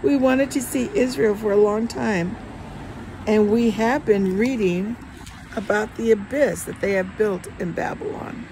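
Earnest widowed former nurse, insistent, read by a woman, gravelly tone. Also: medium pitch, measured pace, warm tone, slight background noise, pitched above the performer's own voice, lightly acted, low-quality recording.

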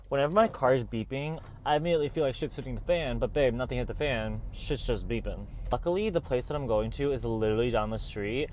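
A man's voice: medium pitch, a little fast, darkish tone, a little hiss or hum. Chatty young man vlogging casually. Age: young adult. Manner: chatty, playful, calls viewers babe. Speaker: art student vlogger. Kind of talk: casual vlog narration.

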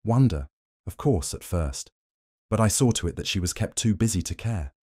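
A proud, defiant android man in an audiobook, bitter and desperate, pushing his voice well above the reader's own low tone, as a male narrator puts him on. The sound is close and dry, with no room around it. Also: animated, normal speed, husky, no room sound. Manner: pleading, then shouting in anger.

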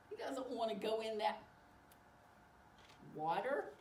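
A woman reading a picture book aloud to children, exclaiming often in an animated way. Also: on the high side, a little hiss or hum. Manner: animated, exclaiming, slow and warm-paced. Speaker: storyteller. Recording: echoey room, far from mic.

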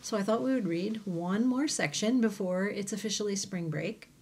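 A woman teacher reading a children's novel aloud to her class, with gentle, chatty asides between passages. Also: medium pitch, moderate pace, a little hiss or hum. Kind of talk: storybook read-aloud.

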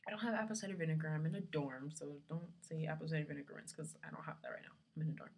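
Chatty young woman with a breathy, low voice. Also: fairly even intonation, racing, darkish tone. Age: young adult. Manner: chatty, rambling, lots of fillers. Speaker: vlogger. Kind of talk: casual chat to camera. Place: dorm room. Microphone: camera resting on her lap.

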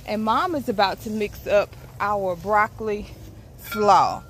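A woman's voice: mid-range voice, a little slow, a bit bright, a little hiss or hum. A woman co-hosting an outdoor cooking livestream, greeting viewers by name and bantering upbeat with the cook. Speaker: livestream co-host. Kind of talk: casual cooking livestream chat. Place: outdoors beside a grill.

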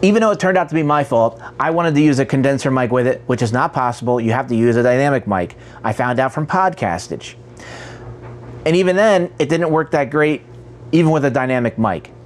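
A man's voice: mid-range voice, lively intonation, brisk. A man hosting a casual channel spotlight, chatty, who stumbles over words and corrects himself. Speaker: host.

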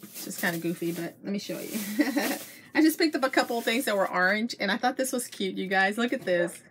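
A woman's voice: mid-range voice, expressive, a little fast, a bit bright. Middle-aged woman, chatty haul vlogger gushing to viewers, home camera mic, faint hiss behind. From Texas. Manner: chatty, gushing, addresses viewers as you guys. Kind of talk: casual show-and-tell chat.

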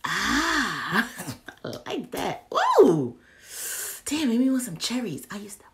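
A woman's voice: mid-range voice, lively intonation, slow pace, slight background noise. A young woman, chatting casually through a candle haul, playful and often dropping into whispers as she talks to herself. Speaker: vlogger reviewing candles. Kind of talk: casual haul video chat.

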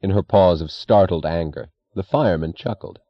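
A man narrating an audiobook in a measured, even reading. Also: deep voice, no echo, highs cut off. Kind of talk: scripted narration.

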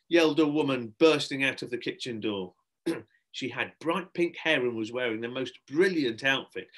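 A man, a primary school teacher, reading a children's book aloud with expressive narration. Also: medium pitch.

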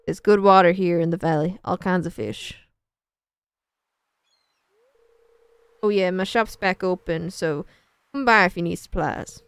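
A woman's voice: mid-range voice, lively intonation, a little fast, smooth, no echo, natural voice. A woman putting on a salty old sailor. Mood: hearty. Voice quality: put-on seafaring accent. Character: weathered older male sailor shopkeeper, hearty.

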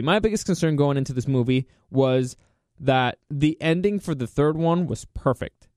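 A man hosting a casual spoken movie review. He is excitable and repeats himself for emphasis. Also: medium pitch, dry recording, studio quality.

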